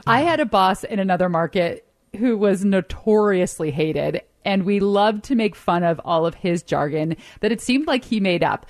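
A woman's voice: medium pitch, expressive, normal speed, dry recording, studio quality. A woman radio reporter telling wry, chatty stories in casual on-air banter.

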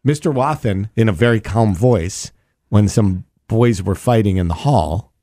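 A man's voice: fairly low pitch, unhurried, dry recording, studio quality. A man co-hosting a talk show, telling stories in a casual, teasing way. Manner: animated storyteller, teasing. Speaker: radio show co-host. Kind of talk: casual chat.

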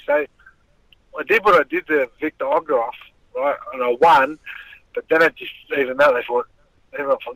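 In a casual interview, a middle-aged former boxer appears as a guest, animatedly telling rambling stories about his fighting days and swearing a lot. His voice is on the high side at normal speed with long pauses, and the audio is poor, with no room sound.

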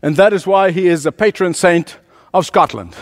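A high-pitched man delivering a sermon. He drops to soft, low asides, then climbs into emphatic, rising runs, chuckling between lines. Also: normal speed. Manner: preaching with dramatic swings of pitch and loudness, builds to emphatic climaxes. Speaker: pastor.

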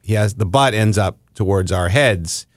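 A man's voice: lowish voice, moderate pace, dry recording, studio quality. A man co-hosting a podcast, telling a rambling, mock-indignant story in casual chat with frequent chuckles. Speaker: podcast co-host.

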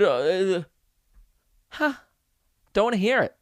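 A young man hosting a casual solo podcast, ranting with animated, profane mock outrage. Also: on the high side, moderate pace, smooth, dry recording, clean studio sound. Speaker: podcast host.

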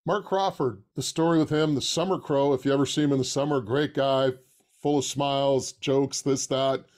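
A man's voice: medium pitch, fairly even intonation, normal speed, a little mellow. A man hosting a sports talk show, setting up his questions with backstory in a conversational way. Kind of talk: interview questions.

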